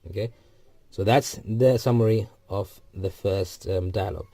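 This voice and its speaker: A man explaining a textbook dialogue step by step, repeating each phrase and filling pauses with ums. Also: fairly low pitch, dark tone, no room sound. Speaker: Arabic teacher. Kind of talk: recorded textbook lesson.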